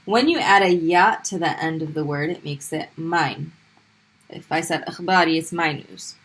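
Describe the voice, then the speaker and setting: A woman teaching a language lesson, patiently explaining letters and slowly repeating sounds for students to copy. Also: low-pitched, a bit bright. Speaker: Arabic teacher. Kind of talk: classroom lesson explaining pronunciation.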